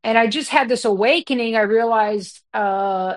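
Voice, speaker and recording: A woman comedian telling a story in blunt, candid conversation, her talk full of fillers. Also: medium pitch. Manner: blunt and fast-flowing, with many fillers.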